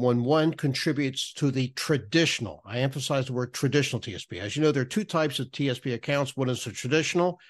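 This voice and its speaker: A man on a podcast explaining retirement tax rules, often restarting and repeating words as he goes. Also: mid-range voice. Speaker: podcast guest, federal benefits writer.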